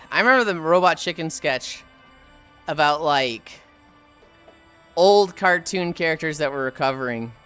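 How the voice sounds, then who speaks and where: Livestreamer, casual gaming chatter, swears a lot, frequent sighs, lively up-and-down pitch, faint music behind. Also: measured pace, pauses often, clean tone. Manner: profane, sighs often, chatty.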